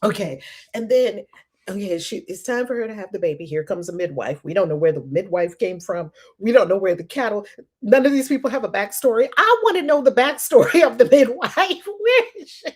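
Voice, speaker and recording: Woman host, husky edge, bouncy animated pitch, constant amused laughter in casual commentary. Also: a little fast. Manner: laughs often, incredulous and animated. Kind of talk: casual commentary on scripture reading.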